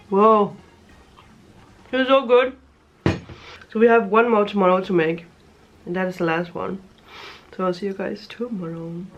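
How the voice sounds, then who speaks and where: A woman's voice: on the low side, a little mellow, dull audio. A woman vlogging casually as she cooks, chatting and thinking aloud as she goes. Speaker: cooking vlogger. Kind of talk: casual cooking vlog.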